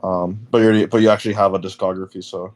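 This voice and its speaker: A man's voice: sits low, little pitch movement, fast talker, a little mellow. A young man hosting a casual podcast interview, rambling with many fillers and restarts. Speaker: podcast host.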